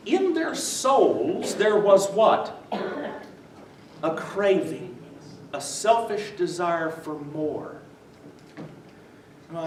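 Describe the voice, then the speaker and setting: A man giving a church adult-education lecture, quizzing his live audience with "what?" prompts and chuckling through his stories. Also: high voice. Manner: chuckles while telling stories. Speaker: visiting lecturer on the New Testament. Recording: echoey room from far off, faint noise.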